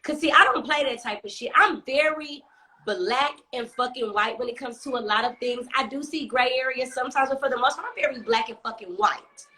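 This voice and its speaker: A young woman telling a story casually on a phone live stream, animated and sassy, cursing heavily and hammering points with repetition. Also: sits high, a little fast. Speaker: storyteller host.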